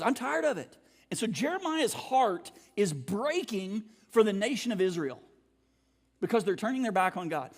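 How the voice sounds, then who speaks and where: In a church sanctuary full of long, ringing reverb, a pastor with a notably high voice gives a laid-back, conversational sermon. Between thoughts he often clears his throat.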